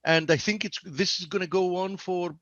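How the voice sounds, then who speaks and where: A man's voice: high-pitched, steady tone, normal speed, fairly bright tone, no room sound. A man from Greece, talking markets bluntly and with firm opinions on a video call. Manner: blunt, opinionated, self-assured. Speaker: market analyst on a trading webinar. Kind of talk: casual market chat. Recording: dull, dry video-call audio.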